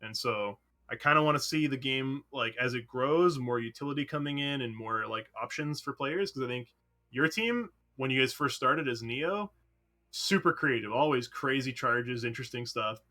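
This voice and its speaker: A man's voice: mid-range voice, normal speed, sharp tone. A man, an esports player, talking animatedly in a post-match interview, rambling with lots of fillers.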